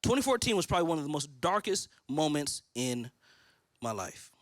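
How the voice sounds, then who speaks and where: A pastor in his thirties preaches from a church stage in a fairly high, sing-song voice at a moderate pace, with no echo. He tells his own story and acts out his prayers.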